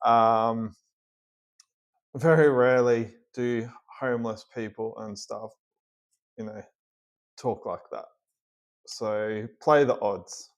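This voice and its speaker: A man's voice: medium pitch, steady tone, slow pace, pauses often. A man with an Australian accent, casually commenting on a clip and giving plainspoken, practical advice. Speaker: reaction video host.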